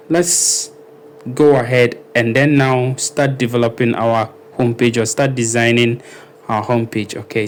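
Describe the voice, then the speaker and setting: Guy doing a chill web design walkthrough, lots of ums and okays, mid pitch, bit of faint hiss. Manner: unhurried, many ums and okays, thinking aloud. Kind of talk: casual screen-recorded tutorial walkthrough.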